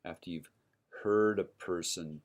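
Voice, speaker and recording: A man's voice: deep voice, measured pace. A man giving a university lecture, explaining step by step and checking in with his listeners by asking "right?" as he goes. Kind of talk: recorded classroom lecture.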